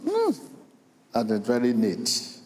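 A middle-aged male pastor preaches slowly and deliberately, repeating phrases in rhythm and calling on his congregation to answer back. His husky, darkish voice is medium in pitch but swoops wildly up and down.

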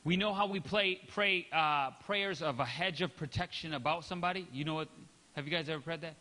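A man pastor preaching with a high, very bright voice, animated and demonstrative, acting out examples. He keeps checking in with the congregation in a conversational way. The sound carries long church reverb with soft music underneath. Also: a little fast. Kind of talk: sermon. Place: church sanctuary.

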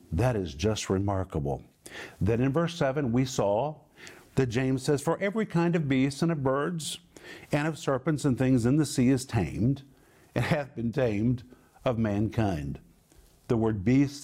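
Middle-aged male preacher, slightly high voice, emphatic sermon delivery with wide swings. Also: a little mellow. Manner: emphatic, explains Greek word meanings with big pitch swings.

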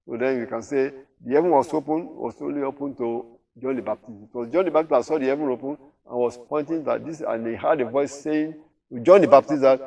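Man, Bible teacher, reads scripture then explains, asks rhetorical questions, mid pitch, a bit distant from the mic. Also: moderate pace, a little mellow.

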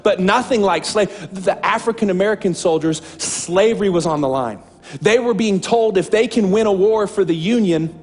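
Male pastor, fervent sermon, slightly high voice, faint music underneath. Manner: impassioned, preaching, repeats phrases for emphasis.

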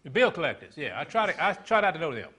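A man preaching a sermon, swinging from loud declarations to hushed asides and calling questions out to the congregation. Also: fairly high pitch, big pitch swings, fast talker, husky.

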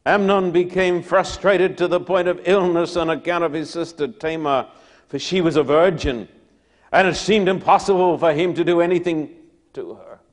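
A man preaching a sermon, retelling a Bible story dramatically, dropping to a hush and then rising loud again. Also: fairly high pitch, moderate pace.

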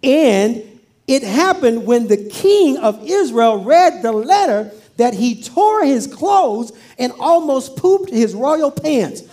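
A woman's voice: high voice, very animated, takes it slowly, dark tone. A woman pastor preaching a sermon, playfully acting out scripture with humor.

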